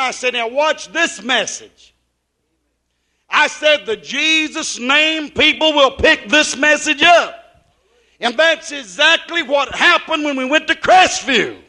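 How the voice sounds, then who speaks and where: A man preaching a sermon, swinging between loud emphasis and quiet asides and putting questions to the congregation. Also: extremely high pitch.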